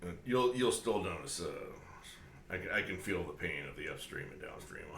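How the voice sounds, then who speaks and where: Low-voiced man chatting in an echoey room. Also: animated, a bit bright. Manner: halting, with fillers. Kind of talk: casual chat. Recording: roomy, faint background noise.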